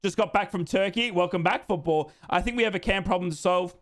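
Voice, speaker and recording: A man's voice: high-pitched, brisk. An Australian man hosting a live football watchalong, chatting casually and reading out fan comments. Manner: chatty, jokey, repeats himself, says "mate".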